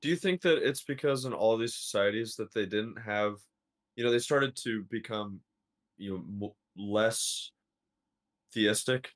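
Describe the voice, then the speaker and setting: Low-voiced man musing hesitantly. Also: a little slow. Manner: hesitant, restarts phrases, thoughtful. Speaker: podcast co-host. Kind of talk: casual chat.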